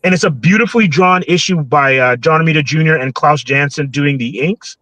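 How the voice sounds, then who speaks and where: A man in a casual comics chat, telling a reflective story in a measured way. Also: a little high, bright, forceful tone, dry recording, rough recording.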